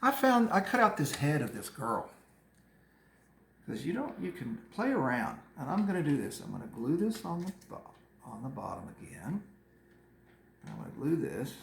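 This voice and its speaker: A man's voice: mid-range voice, creaky, fairly bright tone, roomy sound, slight background noise. A man teaching an art lesson to children, chatting them through each step of a craft project. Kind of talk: casual art lesson demonstration for kids.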